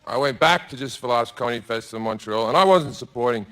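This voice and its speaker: A man's voice: mid-range voice, fast, fairly bright tone. An Australian man doing a stand-up set on a theatre stage, telling a crude story in a laid-back way and acting out the quotes. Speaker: stand-up comedian. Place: large theatre stage with live audience.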